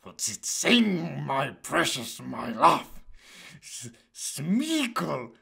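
A man's voice: fairly high pitch, sing-song, very slow, creaky, sharp tone, breathy edge, exaggerated voice. A man doing a hissing paranoid cave creature. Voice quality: hissing, whispery.

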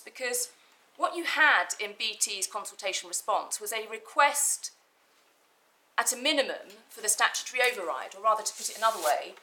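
A woman barrister making a formal legal argument to judges in a courtroom, measured and precise, stressing key words. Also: mid-range voice, sharp tone, poor audio.

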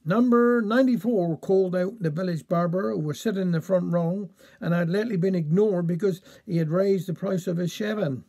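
A Cornish man reads an old village tale in broad dialect, slipping into the voices of the chapel folk. His voice sits high but sounds mellow and soft-edged. He tells it in a folksy, good-humoured way. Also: brisk, creaky, hardly any pauses. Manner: folksy, playful voicing of village characters. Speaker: storyteller. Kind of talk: dialect story reading.

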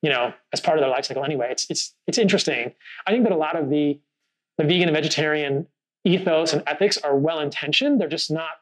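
A man's voice: fairly high pitch, fast, poor audio. A man hosting a casual podcast conversation, talking earnestly and thoughtfully, telling a story with frequent fillers. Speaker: podcast host.

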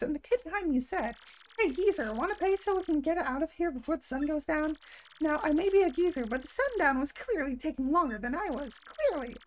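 Woman reading a rambling old game turtle, no character voice, high-pitched. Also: slight background noise. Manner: reads the lines aloud in her own plain voice.

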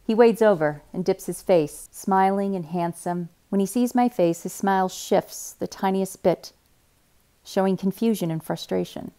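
A woman reading a young adult novel aloud in a quiet, measured first-person narration. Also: mid-range voice, clear, resonant tone. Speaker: reader.

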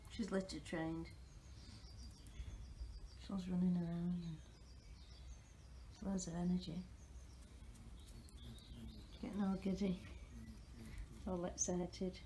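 Unhurried woman coaxing her pet rabbit. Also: lowish voice, flat delivery, warm tone, a little hiss or hum. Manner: coaxing, sing-song baby talk to a rabbit. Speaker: pet owner. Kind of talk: casual talk to a pet.

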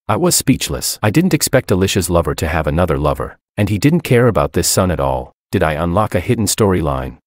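A man's voice: deep voice, very animated, a little fast, no echo, studio quality. A man narrating a first-person story in a cold, dramatic manner.

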